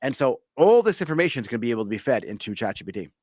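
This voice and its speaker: A man's voice: mid-range voice, sing-song, rapid-fire, a little mellow, no echo, clean studio sound. A man hosting a podcast, talking business in a blunt, casual way and swearing now and then. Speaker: podcast host.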